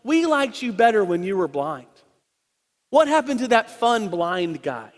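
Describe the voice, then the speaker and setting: Sneering, incredulous townsfolk, a preacher putting them on; high voice, echoing hall. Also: male voice, sing-song, a little slow. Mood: mocking. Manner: mocking, incredulous. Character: sneering suspicious neighbors, adult men, mocking.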